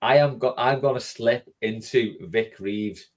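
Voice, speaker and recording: Bloke hosting a chatty podcast, laughs a lot and teases the guests. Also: male voice, medium pitch, unhurried. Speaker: podcast host. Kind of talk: casual chat.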